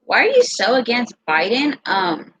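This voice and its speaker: A young American woman telling a personal story in a casual, profane, animated way. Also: on the high side, normal speed. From United States. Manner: profane, animated, quotes others in her own voice. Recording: dull lo-fi sound.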